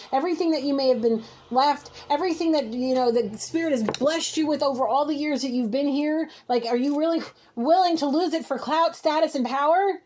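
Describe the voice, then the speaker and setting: A woman gives an emotional tarot reading at home, scolding and exasperated as she talks straight to her listener. Her voice sits a little high, and she pushes each point with heated urgency. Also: a little mellow. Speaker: intuitive reader. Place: home, alone with pets.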